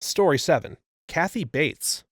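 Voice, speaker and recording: A man narrating reader stories in an even, steady read-aloud style. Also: a little high, measured pace, no room sound, studio quality. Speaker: story narrator.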